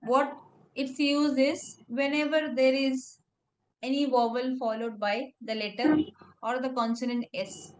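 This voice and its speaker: A woman's voice: high voice, steady tone, measured pace, rough recording. A woman teaching French pronunciation in a one-on-one lesson, explaining patiently step by step. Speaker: French tutor.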